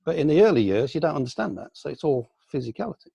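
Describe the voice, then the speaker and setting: An older man from the UK, a senior aikido teacher, reminiscing in a relaxed online question-and-answer session, with many ums and restarts. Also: fairly high pitch, fast, creaky, breathy edge, dry recording. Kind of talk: casual online Q&A. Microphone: video call.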